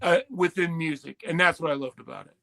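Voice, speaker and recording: A man in casual podcast chat who talks with enthusiasm and is quick to agree. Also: on the high side, gravelly, pushed and bright.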